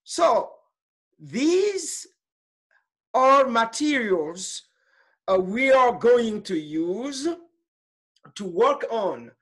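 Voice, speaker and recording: A woman teaching French in an online class, patient and repetitive, switching between French and English with halting restarts. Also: a little high, sing-song. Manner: slow and patient, repeating phrases, mixing French and English.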